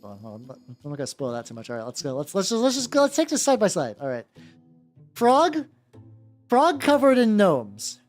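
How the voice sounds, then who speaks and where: A woman chatting casually on a live stream while painting miniatures, excitable and swearing freely, often repeating her words. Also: a bass voice, rapid-fire, hardly any pauses, faint music behind.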